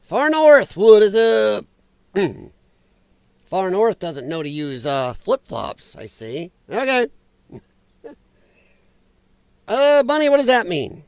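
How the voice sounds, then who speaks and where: A man's voice: sits high, smooth, no room sound. A man hosting a casual political commentary livestream, chatty and sarcastic, laughing often, his voice a little strained. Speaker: livestream host. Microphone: own microphone.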